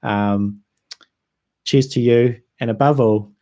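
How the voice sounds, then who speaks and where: A young man with a New Zealand accent hosts a laid-back livestream, reading out viewer comments and answering them. His voice sits at an ordinary mid pitch, and he talks loosely with plenty of ums and easy laughter. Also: takes it slowly. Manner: relaxed, chatty, frequent ums and laughs. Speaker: whisky YouTuber hosting a livestream.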